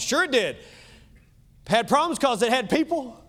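Male pastor with a Kentucky accent, high voice, emphatic sermon delivery. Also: expressive. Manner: emphatic preaching, swinging loud and soft, quick asides.

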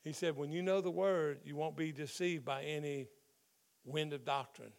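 A middle-aged man preaching from the pulpit, his voice sitting a little higher than most men's. He talks the congregation through scripture in an easy, conversational way, stopping to unpack the Greek behind key words. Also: fairly even intonation, normal speed, creaky. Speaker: pastor. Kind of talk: sermon.

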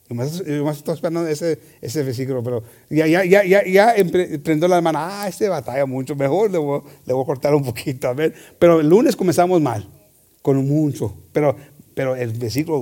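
Male pastor, bilingual sermon, slightly high voice, very lively delivery with shouted peaks. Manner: animated, shifts between Spanish and English, shouts for emphasis.

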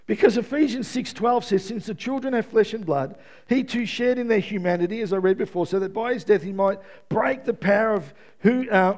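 A man preaching a sermon to a church congregation and listeners at home, swinging from loud exclaiming to a quiet, prayerful tone. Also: sits high. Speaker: pastor.

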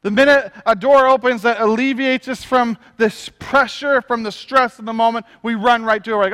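A man's voice: very high voice, steady tone, normal speed, a bit bright, smooth, in a large hall. A man preaching a sermon as pastor, emphatic and often repeating his phrases.

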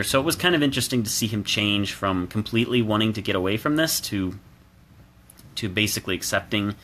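Bright-voiced man reviewing films solo. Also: on the low side. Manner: chatty, opinionated, many restarts and fillers. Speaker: film reviewer. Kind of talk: casual solo film review monologue. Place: alone at home.

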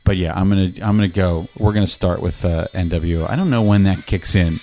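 A man in casual podcast chat, laughing as he pitches ideas, often restarting sentences. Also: fairly quick, mellow.

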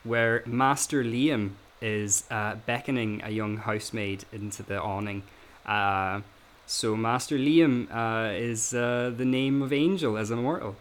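A man's voice: medium pitch, unhurried, few pauses, a little hiss or hum. A man hosting a casual analytical chat, hesitant, with many fillers and restarts. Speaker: podcast host.

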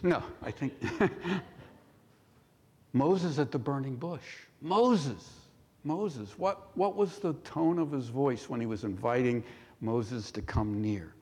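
A male pastor preaching a sermon in a church, measured and full of rhetorical questions. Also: mid-range voice, dark tone, slightly rough. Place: church sanctuary. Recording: long hall reverb.

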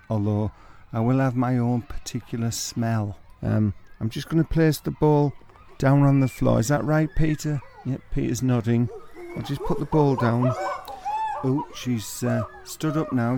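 A man who presents a comedy sketch as a chatty running commentary. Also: medium pitch. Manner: chatty running commentary, bursts into loud outbursts. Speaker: comic presenter.

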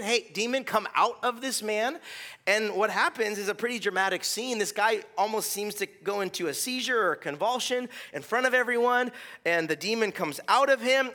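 A male pastor preaching a sermon in a relaxed, conversational way, often restarting phrases and checking in with a "right?". His voice sits high for a man and sounds bright and forward.

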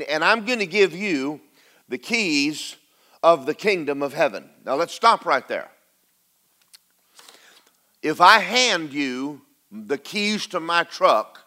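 A man's voice: on the high side, bright, forceful tone. A male pastor preaching a sermon, emphatic and repeating lines for stress as he calls out to the congregation.

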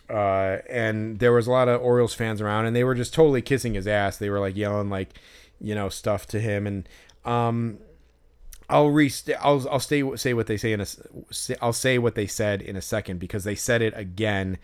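A man's voice: lowish voice, clean tone. A man co-hosting a casual podcast, telling long, rambling stories full of fillers and restarts, with a sarcastic, exasperated edge. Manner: exasperated, sarcastic about fans. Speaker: podcast co-host.

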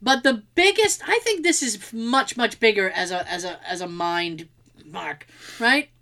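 A woman telling a story in casual chat, animated and laughing, acting out quotes and swearing freely. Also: medium pitch, unhurried. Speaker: podcast co-host.

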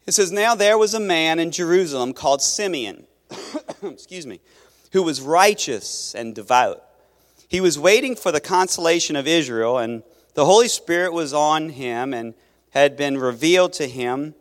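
A man's voice: fairly high pitch, lively intonation, moderate pace. A man preaching a sermon as pastor, in a conversational way that restarts phrases and questions his listeners. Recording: long reverb of a large hall.

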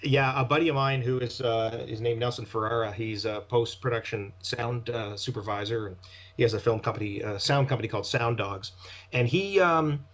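Male actor guest in a casual interview, mid-pitched and meandering, with a dull lo-fi recording. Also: normal speed, fairly bright tone. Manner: rambling, trailing off and restarting mid-thought. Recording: dull lo-fi sound.

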